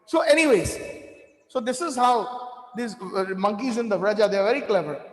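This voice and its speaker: A man with a strikingly high voice tells devotional stories at a temple, recounting anecdotes with an easy narrative flow and quoted Hindi phrases. His voice rings through a roomy hall, trailing a long reverb behind each phrase. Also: lively intonation, a little fast. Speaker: temple storyteller. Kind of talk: devotional storytelling talk.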